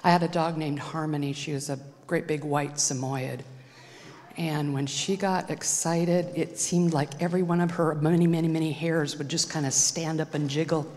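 A woman giving brief remarks and leading a gentle, reverent prayer in church. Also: sits low, fairly even intonation, moderate pace. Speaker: prayer leader. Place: church sanctuary. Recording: long church hall reverb.

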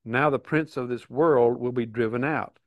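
A middle-aged man earnestly teaching a Bible study, reading verses aloud and pausing to stress them. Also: medium pitch, no echo, dull audio. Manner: earnest, emphatic, reads scripture aloud with pauses.

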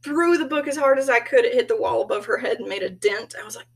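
A woman's voice: on the high side, fast, vocal fry, slightly rough, distant mic, poor audio. A woman giving a casual self-introduction as a graduate student, telling stories in a chatty way and laughing often.

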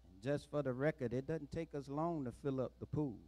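Folksy pastor making church announcements. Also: male voice, mid-range voice, fairly quick. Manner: relaxed, folksy, with filler "uh".

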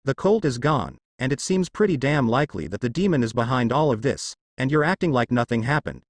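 A man's voice: medium pitch, expressive, a little fast, no echo. A guy doing a grieving young brother, earnest and pushy, voice that climbs and falls a lot, from a storybook reading in a dry room. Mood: frustrated. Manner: earnest, pressing questions. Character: young man, weary, grieving, pushing his brother.

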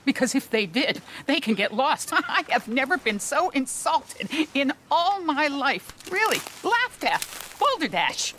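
A woman's voice: sits high, sing-song, a little slow, hardly any pauses, sharp tone, slight background noise, full character voice. An actress voicing an eccentric, indignant female amateur paleontologist in a video game, haughty and fond of old-fashioned insults.

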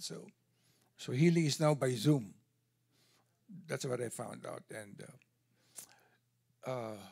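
A man giving an animated testimony at a church service, telling his story with quoted dialogue. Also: fairly high pitch, creaky.

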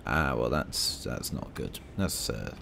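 A man's voice: rumbling low, expressive, takes it slowly, gravelly, background noise. A man giving rambling, self-mocking commentary while playing a tank game, full of dry asides. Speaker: gaming video creator.

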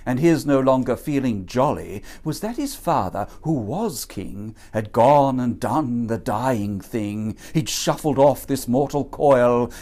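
A man reading rhyming verse in a playful, theatrical way. He takes his time, letting each line land. His pitch moves in lively swoops. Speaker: narrator. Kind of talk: rhyming storybook narration.

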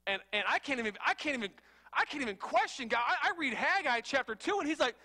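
Fervent, bright-voiced male preacher. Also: very high-pitched, animated, quick pace. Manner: fervent and conversational, with slangy asides. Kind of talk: sermon.

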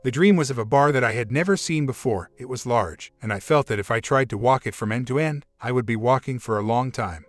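A man narrating a first-person relationship story at an even, measured pace. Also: medium pitch, dry recording.

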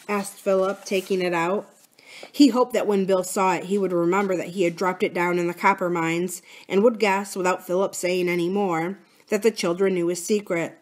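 A woman from a library reading a children's novel aloud in a measured, expressive way. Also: fairly low pitch. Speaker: library story reader.

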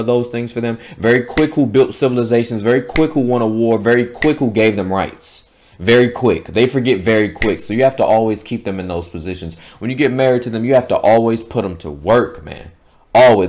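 A man's voice: mid-range voice, a little hiss or hum. A man hosting his channel, delivering an opinionated monologue in an emphatic, repetitive, lecturing way, often stumbling and restarting words. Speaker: channel host.

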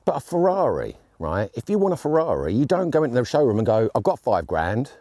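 A man's voice: mid-range voice, big pitch swings, fast talker, warm tone, no echo. A man giving a chatty, jokey and enthusiastic gear review outdoors on shooting land.

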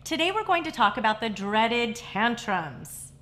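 A middle-aged woman, a family therapist hosting a parenting show, giving scripted advice in a calm, measured, reassuring way. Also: a little high.

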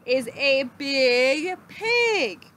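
A small, cheerful cowboy burglar with a drawl, hollering his whoops up high and loud, as a woman reads him aloud. His voice leaps up and down in a lively sing-song. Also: very slow, slight background noise, heavily acted. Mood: hushed scheming.

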